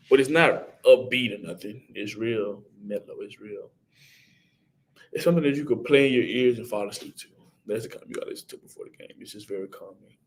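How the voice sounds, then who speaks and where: A young man, casually chatting on his livestream and answering viewers by name. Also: on the low side. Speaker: livestream host, college football player. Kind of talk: casual livestream chat reading viewer comments.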